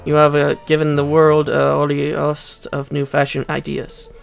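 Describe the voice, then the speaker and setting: A man's voice: a little high, monotone, moderate pace, vocal fry, clean tone, soft background music. A man voicing a flamboyant, fashion-obsessed video game courtier, putting on theatrical French flair. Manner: theatrical, sprinkling in mock French words.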